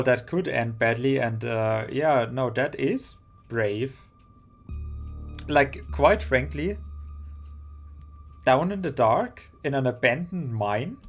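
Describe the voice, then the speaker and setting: A man playing a story game on stream, reacting casually with laughs and rambling asides. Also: medium pitch.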